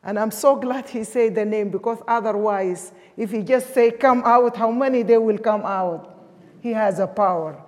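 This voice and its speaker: A woman from Sudan preaches a sermon in English with emphatic force and non-native grammar. Her voice leans high with a darkish tone and a moderate pace, and a long hall reverb surrounds it.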